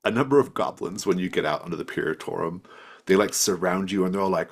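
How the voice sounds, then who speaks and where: Low, husky game master narrating. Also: male voice, fast. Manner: loose, rambling with many fillers.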